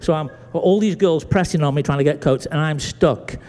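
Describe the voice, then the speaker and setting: Here a pastor from Britain acts out the voices of people in his story while preaching, a lively storyteller in a church sanctuary. He speaks at normal speed with a fairly high pitch, and the room adds a long hall reverb.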